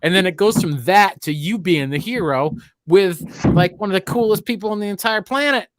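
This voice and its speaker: A man hosting a casual chat, excitable and quick to laugh and swear. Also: high voice, no echo, studio quality. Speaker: podcast host.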